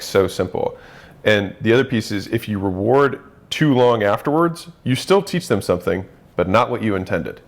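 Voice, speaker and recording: Low-voiced man explaining casually. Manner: animated, acts out quoted voices.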